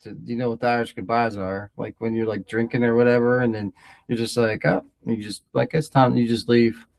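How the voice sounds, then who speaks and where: A man's voice: medium pitch, flat delivery, fairly quick, a little mellow. A middle-aged man co-hosting a podcast, laid-back and brief in casual chat. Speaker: podcast co-host.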